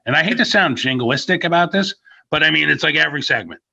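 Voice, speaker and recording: A mid-pitched male voice, bright and lively in its rise and fall, delivering sarcastic asides in a casual wrestling chat. The audio is a little dull and lo-fi. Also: fast talker, creaky. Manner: wry, sarcastic, frequent laughter. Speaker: wrestling podcast co-host.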